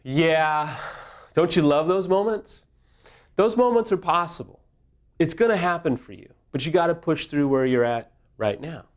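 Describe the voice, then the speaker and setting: A man's voice: fairly high pitch, lively intonation, normal speed. Middle-aged man, recovery speaker; candid, humorous, vulnerable. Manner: self-deprecating, humorous, openly vulnerable. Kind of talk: candid casual teaching talk.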